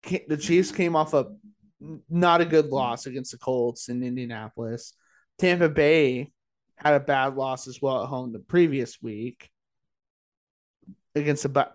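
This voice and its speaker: A tired man co-hosting a casual sports-betting chat late at night, full of "like" and "uh" as he rattles off his picks. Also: a little high. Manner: chatty, says "like" and "uh" often, fires off quick picks. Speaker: podcast co-host.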